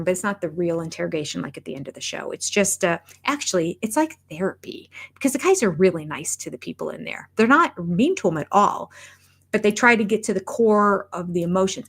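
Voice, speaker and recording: On a casual live stream, a middle-aged woman with a lowish voice hosts a reality TV review chat. She's open and chatty, trailing off mid-sentence and chuckling at herself.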